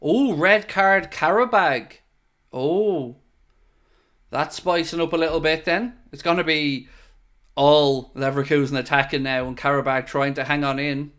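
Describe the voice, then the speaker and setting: A man runs a live football watchalong stream, talking in a fairly high voice. He chats loosely with viewers and thanks supporters by name. He gets louder and more excited whenever the action on the pitch picks up. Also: moderate pace, clear, resonant tone. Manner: excitable, swings between chatty asides and loud bursts at goals; reads out and answers viewer messages. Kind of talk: live casual commentary and chat.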